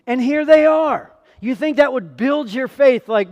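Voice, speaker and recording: A man's voice: very high voice, a little slow, darkish tone. A man pastor giving an emphatic sermon, repeating phrases and firing rhetorical questions at the congregation. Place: church sanctuary. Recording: long hall reverb.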